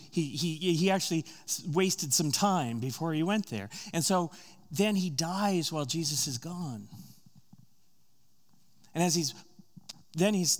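In his sermon, a preacher recounts a story, chatting in asides along the way. At the tense points his voice rises louder and higher, then sinks back soft and slow.

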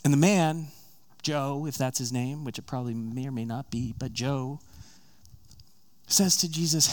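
A man delivering a sermon in a relaxed, conversational storytelling manner. He slips into the characters' voices for their quoted lines, then returns to his own telling. His voice sits at an ordinary middle pitch for a man. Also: moderate pace, long pauses. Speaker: preacher.

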